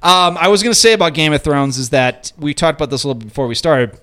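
A man's voice: fairly high pitch, quick pace, sharp tone, clear, resonant tone. A man hosting a casual podcast, rambling and profane as he voices strong opinions. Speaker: podcast host. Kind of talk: casual chat.

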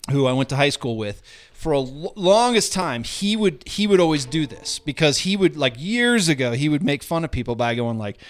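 A man's voice: on the high side, big pitch swings, moderate pace. A man co-hosting a casual sports podcast, telling rambling, profane stories with lots of restarts. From Denver area. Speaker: podcast co-host. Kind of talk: casual chat.

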